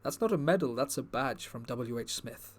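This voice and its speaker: A man playing a brooding, self-serious male war-veteran comedian, with a solemn, halting, grave delivery. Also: medium pitch, lively intonation, very noisy, pitched below the performer's own voice, close to an everyday voice.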